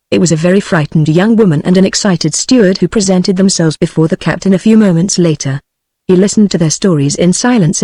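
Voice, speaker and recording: A text-to-speech woman's voice with a British accent, reading a novel aloud in a steady, even way. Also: fairly low pitch, no room sound. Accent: British English. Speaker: audiobook narrator.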